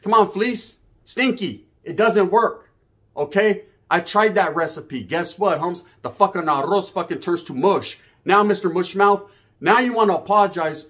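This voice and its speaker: A man's voice: high-pitched, normal speed, a bit bright. A male YouTuber delivering a profane, confrontational rant to camera in a swaggering way. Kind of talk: ranting monologue to camera.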